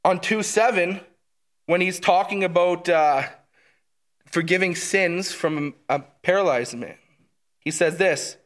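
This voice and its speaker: Eager, fairly high-voiced man teaching scripture. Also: slow, long pauses. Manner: enthusiastic, often checks in with "right?". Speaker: Bible teacher. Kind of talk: conversational Bible teaching.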